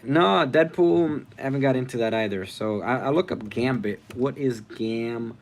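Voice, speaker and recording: A man hosting a casual live stream, reading viewer comments aloud, rambling and thinking out loud as he goes. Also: mid-range voice, normal speed. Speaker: livestream host.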